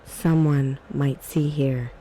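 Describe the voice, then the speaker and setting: A woman reading the lines of a pushy, frightened boy in a soft ASMR story reading. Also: rumbling low, fairly even intonation, slow, a little hiss or hum, poor audio. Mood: urging. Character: frightened bossy boy urging a friend on.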